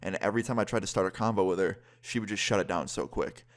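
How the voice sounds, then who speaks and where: A young man casually telling a personal story as a vlogger, lively and quick, with some swearing. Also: on the low side. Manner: lively, fast-paced retelling with swearing.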